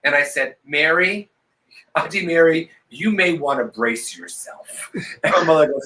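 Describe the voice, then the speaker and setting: A slightly high, bright-toned man tells a sprawling family story on a video call. He swears freely and throws himself into the quoted voices. He has had a couple of glasses of vodka and talks like it. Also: animated, normal speed, low-quality recording. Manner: profane, theatrical, acts out quoted voices. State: tipsy from vodka. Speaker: co-host. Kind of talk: casual storytelling on a live stream.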